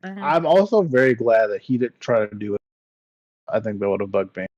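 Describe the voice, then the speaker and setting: A man's voice: lowish voice, very animated, moderate pace, darkish tone, no room sound. A man co-hosting a podcast in casual chat, laughing often and swearing casually. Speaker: podcast co-host. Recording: dull lo-fi dry recording.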